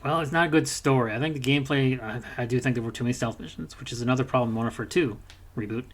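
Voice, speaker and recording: A man talking loosely on a gaming podcast, his voice sitting in an ordinary middle pitch. He rambles, swears freely, and slips into brief mocking impressions of characters. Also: steady tone. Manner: rambling, profane, mimics characters in quick asides. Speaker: podcast co-host. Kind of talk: casual gaming podcast chat.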